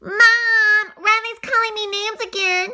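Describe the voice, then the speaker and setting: A woman voicing a little girl who tattles on her brother in a shrill, yelling voice. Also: very animated, normal speed, exaggerated voice. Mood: tattling.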